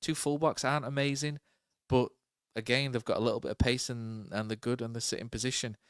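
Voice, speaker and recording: A man's voice: medium pitch, steady tone, brisk, clear, resonant tone, no echo, studio quality. A man co-hosting a podcast, chatting casually about football and thinking aloud with many fillers and tag questions. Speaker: podcast co-host.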